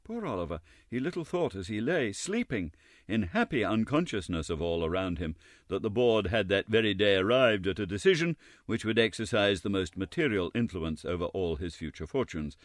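A male audiobook narrator with a lowish voice that rises and falls in a very lively way. He reads with an expressive, wry touch, recorded close and dry. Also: normal speed, no room sound.

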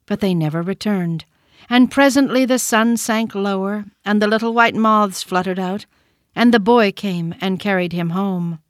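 A woman narrating a children's storybook in a gentle, measured reading. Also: medium pitch, dry recording, clean studio sound.

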